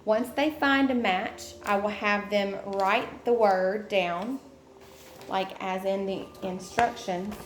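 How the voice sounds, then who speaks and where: Young woman, education student presenting a lesson plan; slow and halting, lots of ums; echoey room. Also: mid-range voice, fairly even intonation. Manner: halting, many ums, explains step by step. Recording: echoey room with faint noise.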